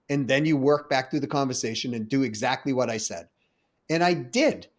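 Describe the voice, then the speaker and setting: Male host telling a story, making his point. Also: a little high. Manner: storytelling with quoted dialogue and lessons. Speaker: sales podcast host. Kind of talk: conversational interview.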